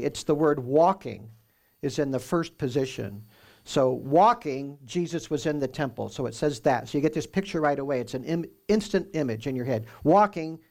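A man pastor teaching through a Bible passage in a conversational, explanatory way, with animated emphasis. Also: medium pitch, creaky.

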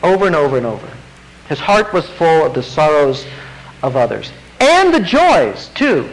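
A man preaching a sermon, animated, acting out quotes and asking the congregation questions. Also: a little high, slight background noise, poor audio.

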